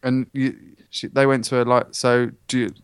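An English man co-hosting a podcast, telling stories bluntly and swearing casually in relaxed banter. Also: medium pitch, moderate pace, smooth, no room sound, studio quality. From England. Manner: blunt, swears casually, laid-back storytelling. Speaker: podcast co-host.

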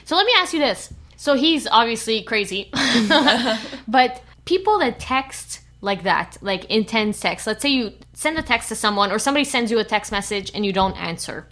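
A woman's voice: on the high side, moderate pace. A woman, co-hosting a podcast in casual chat, teasing and asking questions. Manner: lively, teasing, laughs often, asks questions. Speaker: podcast co-host.

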